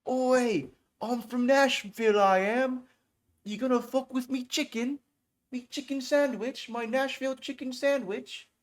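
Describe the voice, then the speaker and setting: A man voicing a brash young male punk with an exaggerated fake cockney accent, pitched far above his own voice. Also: fairly even intonation, measured pace. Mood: mocking.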